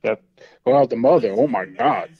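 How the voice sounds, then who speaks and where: A man co-hosting a show, chiming in with loud exclamations of disbelief. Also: medium pitch, brisk, vocal fry, muffled recording, a crowd in the background. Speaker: co-host. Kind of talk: casual chat.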